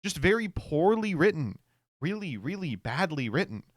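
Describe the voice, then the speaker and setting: A man's voice: a little high, sing-song, moderate pace, dry recording, clean studio sound. A man streaming casual commentary, reacting to online posts with sarcastic remarks, frequent laughter and text read aloud.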